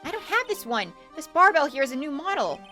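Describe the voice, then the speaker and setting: A woman doing a bright, peppy girl sidekick. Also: high-pitched, very animated, fairly quick, faint music behind, pitched above the performer's own voice, exaggerated voice. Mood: excited. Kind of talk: voicing a visual novel on stream.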